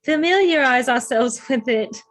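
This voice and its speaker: A woman's voice: sits high, expressive, a little slow. A woman playing a tabletop game, asking hesitant, rambling questions about the plan.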